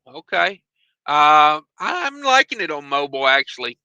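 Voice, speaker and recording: A man hosts a casual trucking livestream from his phone, reading viewer comments in a loose, joking way packed with fillers and asides. His voice is fairly high and sing-song with a sharp tone, measured and smooth, on a lo-fi recording without echo.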